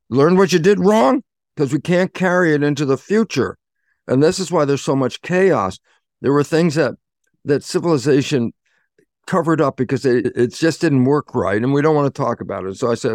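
A man, a guest in an interview, explaining in an animated way and acting out bits of dialogue. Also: medium pitch, moderate pace, no echo, clean studio sound. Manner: animated, acts out dialogue in quotes. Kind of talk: conversational explaining.

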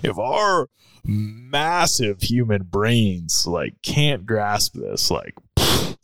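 A man with a deep voice that has a rough, creaky edge tells a personal story on a podcast. He talks in a casual, musing way, full of fillers and restarts. The sound is dry and close, with no room around it. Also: sing-song, extremely slow, a bit bright, no room sound. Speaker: podcast speaker.

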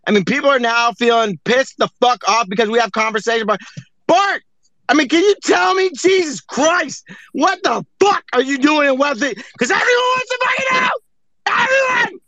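A man's voice: very high-pitched, expressive, normal speed, fairly bright tone, no echo, poor audio. A man hosting a casual online chat, talking in a profane, rambling, exasperated way. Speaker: host. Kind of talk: casual chat on an audio stream.

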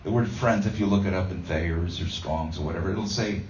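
Deep-voiced man preaching in a roomy hall. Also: brisk, a little mellow, a little hiss or hum. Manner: anecdotal, self-deprecating, many fillers. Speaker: pastor. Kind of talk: conversational sermon. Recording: roomy, distant, dull sound.

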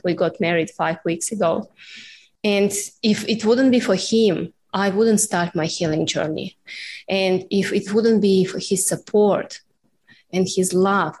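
A woman's voice: medium pitch, a little hiss or hum. A woman hosting a podcast interview, affirming her guest and asking long, framing questions. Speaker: podcast host.

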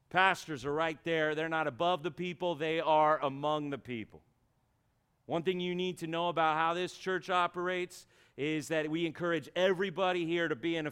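A man's voice: fairly high pitch, a bit bright, clear, resonant tone. A male pastor preaching a sermon in a church, talking in a conversational way and acting out everyday voices to make his point.

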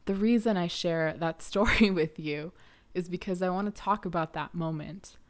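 A young woman hosting a podcast, telling a personal story in an earnest, reflective way with soft laughs. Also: lowish voice, moderate pace. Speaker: podcast host.

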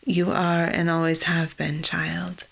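A woman voicing an old blind female druid, speaking slowly in a low, breathy, solemn hush. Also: little pitch movement, exaggerated voice. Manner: slow, hushed and breathy, prophetic.

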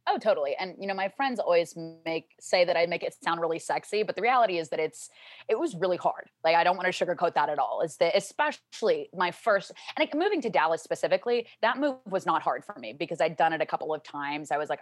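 A young woman from Louisiana, a guest in a casual interview, telling stories and acting out her family's lines in high, excited voices. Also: quick pace, dry recording.

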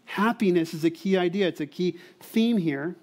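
Man, high voice, Bible teacher, conversational sermon, repeats himself, asks listeners questions. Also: normal speed, a little mellow. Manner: conversational, repeats words, asks "you see that?". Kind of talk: sermon to college students.

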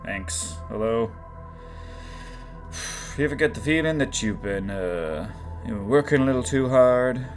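A sweaty, weary middle-aged man drawls his folksy greetings, as a man puts him on in a tabletop game. He sounds worn out and easygoing, with a voice set at a middling pitch. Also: lively intonation, measured pace, long pauses, faint music behind.

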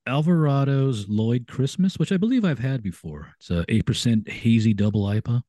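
A man's voice: mid-range voice, animated, normal speed, mellow, dry recording. A man co-hosting a podcast over a video call, chatting easily over beers and often stammering as he starts a thought. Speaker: podcast co-host. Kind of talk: casual chat over beers.

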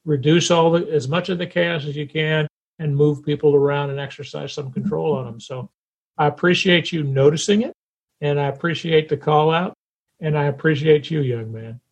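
A man's voice: fairly high pitch, steady tone, moderate pace, slightly rough, dull audio. A man as a guest on an interview podcast, talking reflectively about his past. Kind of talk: conversational interview.

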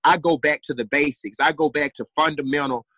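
A man's voice: a little high, fairly even intonation, a little fast, pushed and bright, dry recording, rough recording. A young adult man telling his story as a guest, earnest and repeating phrases for emphasis. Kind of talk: motivational storytelling.

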